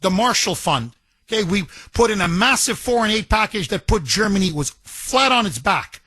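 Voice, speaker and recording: A man's voice: sits high, expressive, moderate pace, pushed and bright, no room sound. A man hosting a political talk radio show, delivering an emphatic monologue full of repetition and rhetorical questions.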